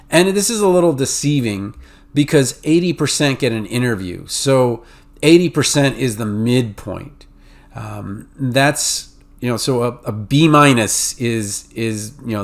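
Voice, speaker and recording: A man with a New England and Mid-Atlantic accent hosts a podcast, explaining in a casual, conversational way with lots of fillers and restarts. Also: mid-range voice. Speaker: podcast host advising pharmacy students.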